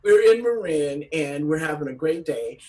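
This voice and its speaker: Salty storytelling woman comedian, low-voiced. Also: normal speed, recorded from a distance, rough recording. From San Francisco Bay Area. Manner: animated, salty, acts out other voices. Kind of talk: stand-up storytelling set.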